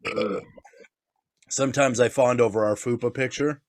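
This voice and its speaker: A man from Nebraska co-hosts a casual, drunk podcast conversation, laughing and crude, switching to goofy voices when quoting people. His mid-range voice holds a steady tone at a moderate pace.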